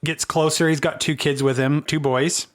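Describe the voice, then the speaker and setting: A man running a tabletop game, narrating in a casual, halting way. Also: a little high, fairly even intonation. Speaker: game master.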